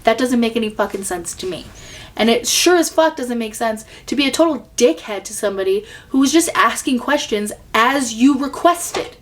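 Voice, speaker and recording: A woman hosting a reaction commentary in a casual, sarcastic tone, swearing often. Her voice sits a little high. She sounds thoroughly fed up. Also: expressive, moderate pace. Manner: exasperated, profane, sarcastic. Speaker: commentary video host.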